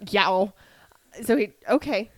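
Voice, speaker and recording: A woman's voice: mid-range voice, slow pace, no echo. A woman, co-hosting a podcast and tossing in wry quips with frequent laughter. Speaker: podcast co-host. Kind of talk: casual chat.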